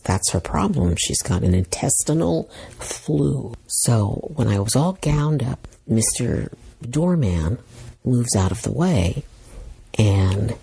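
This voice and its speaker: A middle-aged woman tells her own story in a very husky, gravelly voice. She sits unusually low for a woman yet swings her pitch widely, and she laughs at herself as she acts out what everyone said. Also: dry recording. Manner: animated, self-mocking, laughs while talking, acts out quotes. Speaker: podcast host telling a personal story. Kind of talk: casual storytelling monologue.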